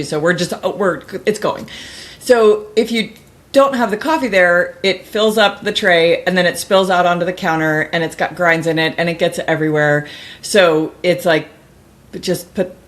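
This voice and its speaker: Rambling, animated middle-aged woman. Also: on the low side. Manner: rambling, animated, many restarts, mimics voices. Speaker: guest author. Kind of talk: casual interview storytelling.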